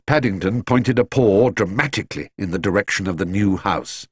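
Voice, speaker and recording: A man narrating a children's storybook in an expressive, measured way. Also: on the low side, breathy edge, dry recording, clean studio sound. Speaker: audiobook narrator.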